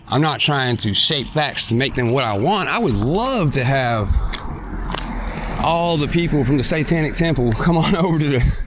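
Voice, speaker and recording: A man of middling pitch delivers a blunt, profane rant, pressing his points hard. He talks while walking outdoors in a park, slightly out of breath, with faint noise in the background. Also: expressive, moderate pace. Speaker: podcast host. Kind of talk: ranting monologue. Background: faint traffic and kids.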